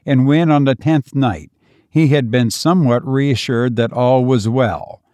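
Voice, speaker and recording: Slow, solemn male narrator. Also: mid-range voice, dark tone, no room sound. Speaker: audiobook narrator. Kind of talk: scripted narration.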